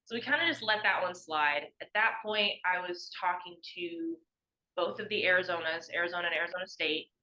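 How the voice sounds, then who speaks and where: On a rough recording, a former college athlete in her young adult years tells stories as a podcast guest, her voice on the low side, brisk, bright and forceful. She chats freely, leans on "like" a lot, and performs the voices of people she quotes.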